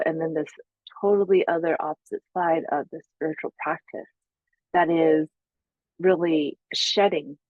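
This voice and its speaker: Woman therapist, rambling reflective monologue, low-set voice, dry close phone-like audio. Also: no echo. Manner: searching, with many fillers and self-quoted asides. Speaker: psychotherapist and spiritual teacher. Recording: tinny phone-like sound.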